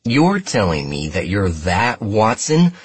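A man voicing an excitable teenage boy roommate with a Midwestern American accent, eager and emphatic, in audiobook narration. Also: sits low, a little slow, breathy edge, heavily acted. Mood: delighted.

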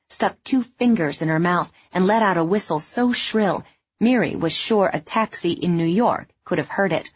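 A woman narrating a novel in a measured, even storytelling voice. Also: on the low side, husky, no room sound. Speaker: audiobook narrator. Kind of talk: scripted narration. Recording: dull, dry studio sound.

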